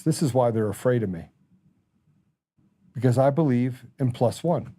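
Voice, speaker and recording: Middle-aged male host, mellow dark tone, furious impassioned monologue. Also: mid-range voice, animated, normal speed, long pauses. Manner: angry, impassioned ranting. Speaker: talk show host. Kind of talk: political commentary monologue.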